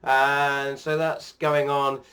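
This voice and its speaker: A man's voice: medium pitch, level tone, very slow, bright, forceful tone. A man chatting casually in a vlog about sim racing updates and his life, rambling with frequent ums and restarts.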